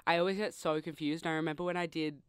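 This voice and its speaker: A young man co-hosting a casual student radio show, agreeable, quick to laugh and full of "like". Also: a little high, steady tone, a bit bright, clear, resonant tone, dry recording, clean studio sound. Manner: agreeable, laughs often, lots of "like". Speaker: radio co-host. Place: radio studio.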